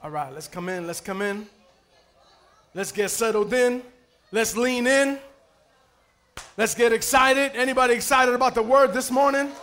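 A man's voice: extremely high pitch, normal speed, long pauses, slight background noise. A man pastor preaching a sermon, telling stories playfully, calling for amens and raising his voice at key points. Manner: lively, playful storytelling with calls for amen.

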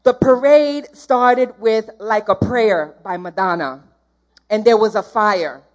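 A woman's voice: mid-range voice, slow pace. A woman giving a church testimony in an earnest, heartfelt, rambling way, jumping around in her story.

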